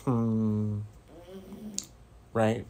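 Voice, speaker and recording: A man from Northern California chatting casually with his stream viewers, slow and rambling. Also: on the low side, monotone, dark tone. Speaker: livestreamer.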